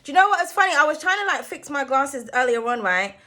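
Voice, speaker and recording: High bright-voiced chatty woman. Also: sing-song, quick pace. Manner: playful, swears freely, calls viewers darling. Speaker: tarot reader. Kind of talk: casual chatty tarot reading.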